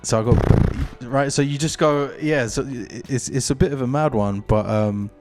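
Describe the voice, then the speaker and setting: A man from London with a London accent, a podcast guest chatting casually in a relaxed, rambling, playful way. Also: mid-range voice, unhurried, faint music behind. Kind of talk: casual chat.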